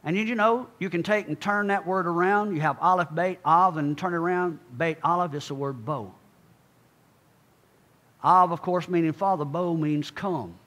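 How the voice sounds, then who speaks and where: At a moderate pace, a man preaches emphatically, calling out to his congregation. He then drops his voice low and quiet for asides.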